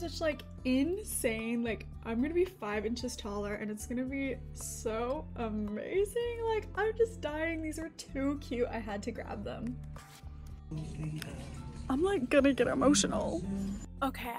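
A young woman from Texas chats in a bubbly, gushing way, exclaiming often. Her voice sits high. Music plays clearly underneath her. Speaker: thrift vlogger. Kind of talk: excited casual vlog chat and voice-over. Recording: music playing behind the voice.

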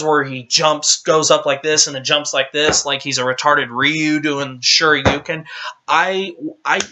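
Male game reviewer, exasperated rant, bright tense tone, stammers and restarts. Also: a little high. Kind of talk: casual ranting game review.

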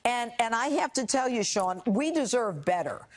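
Animated, high-pitched indignant woman guest. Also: moderate pace. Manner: emphatic, indignant retelling. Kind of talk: TV interview.

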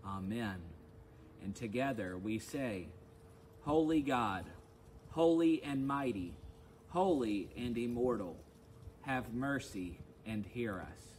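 Man, pastor, mid-pitched voice, devotional readings and prayers, faint hiss behind. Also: takes it slowly, low-quality recording. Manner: relaxed and conversational in the opening, solemn and louder in the readings and prayers.

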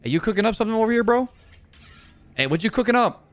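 A man streaming a video game, reacting out loud with swearing and talking to the characters on screen. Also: sits high, fast talker. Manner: jumpy and excitable, swears, talks to game characters. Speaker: gaming streamer. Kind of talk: let's play commentary.

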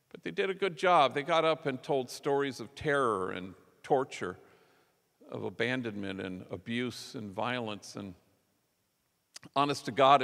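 A man with a gravelly, mid-pitched voice tells a story from the pulpit in an easy, conversational way. He acts out the lines of the people in his story. His voice rings with a long reverb through a large church. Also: a bit bright. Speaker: preacher. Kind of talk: sermon storytelling.

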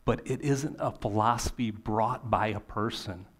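A male pastor delivers a sermon in a conversational style, using rhetorical questions and emphatic pauses. His voice is fairly low with a breathy edge.

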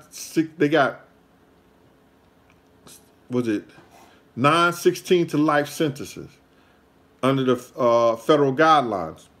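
A man's voice: mid-range voice, fairly bright tone. A man, hosting his own show and telling a casual story in a rambling, repetitive way full of street slang.

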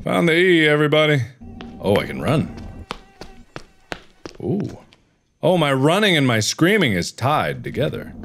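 A man in his thirties hosting a let's play, talking to himself through a horror game and breaking into high yelps and shouts. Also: measured pace, pauses often, faint music behind. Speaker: gaming video host. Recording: steady background noise.

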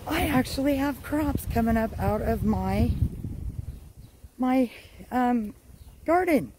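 Woman gushing on a phone vid out in her garden, slow drawn out talk, bit of background noise. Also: fairly high pitch. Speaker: homestead vlogger. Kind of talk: casual excited vlog. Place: outdoors in a home garden.

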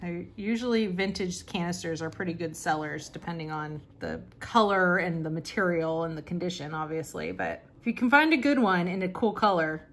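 Flipping through an old catalog on her channel, a woman who resells vintage goods chats casually and laughs a lot, clearly amused. She talks at normal speed with few pauses, in a fairly low, slightly bright voice.

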